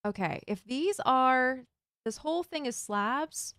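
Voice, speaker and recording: A woman's voice: sits high, lively intonation, slow pace, fairly bright tone, no echo, studio quality. Chatty woman streamer thinking aloud. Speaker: Minecraft streamer. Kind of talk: casual live-stream commentary while building.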